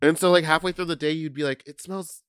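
A man's voice: a little high, fast talker, clean tone, no echo, clean studio sound. A man co-hosting a podcast, campy and crude, with playful voices and big laughs. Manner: campy, animated, crude jokes. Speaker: podcast co-host. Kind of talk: casual chat.

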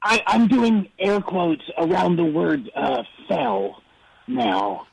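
A man's voice: sits high, very animated, slow, creaky, slight background noise, full character voice, rough recording. A man on a comedy call-in show impersonating an aging male rock star who rambles through earnest, absurd boasts. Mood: rambling. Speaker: caller. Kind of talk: comedic impression on call-in radio.

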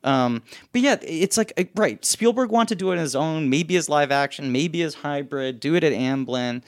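A man's voice: fairly high pitch, animated, moderate pace. A man co-hosting a casual chat podcast, telling stories in a rambling way with lots of fillers. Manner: rambling, filler-heavy storytelling. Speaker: podcast co-host.

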